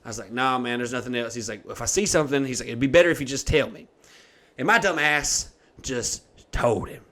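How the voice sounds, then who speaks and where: A young man hosting a podcast tells a long comic story in a casual, profane, animated way, acting out the people he quotes. His voice is mid-range and fairly quick.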